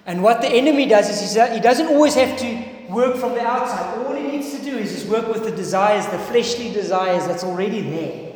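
A South African man preaching a sermon to a congregation, earnest and emphatic, with loud stresses and quiet asides. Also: high-pitched, lively intonation, brisk. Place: church hall. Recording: echoey hall with long reverb.

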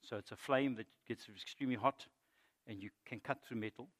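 A middle-aged male pastor giving a sermon, moving between loud emphatic preaching and quiet storytelling. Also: medium pitch, a little fast. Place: church.

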